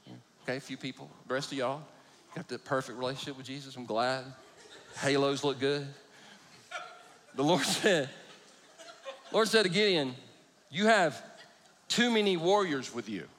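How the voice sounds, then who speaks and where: A man's voice: medium pitch, moderate pace, pauses often, a bit bright, a little hiss or hum. A middle-aged man preaching a sermon, telling stories with self-deprecating humor. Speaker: pastor. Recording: long reverb of a large hall.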